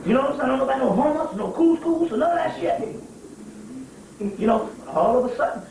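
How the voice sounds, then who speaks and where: A man giving a profane lecture to a live audience, animated and laughing, telling stories in street talk with call-and-response asides. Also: very high-pitched, vocal fry, noisy background. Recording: very echoey room, distant mic, archive tape.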